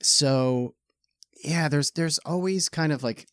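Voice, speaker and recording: A man's voice: fairly high pitch, slow, a bit bright, clean tone, no room sound, clean studio sound. A man hosting a podcast, chatting casually in an easygoing way and laughing often. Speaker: podcast host. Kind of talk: casual chat.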